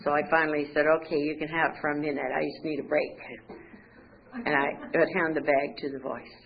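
A woman's voice: low voice, little pitch movement, a little fast, highs cut off. A woman giving a personal recovery testimony, telling her story candidly with wry humor and acting out the conversations. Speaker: recovery speaker.

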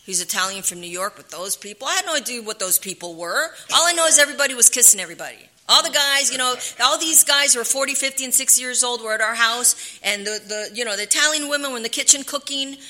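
A middle-aged woman telling her own recovery story in a candid, halting way, often dropping to a hushed whisper. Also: fairly high pitch, lively intonation. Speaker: recovery speaker. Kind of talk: personal testimony.

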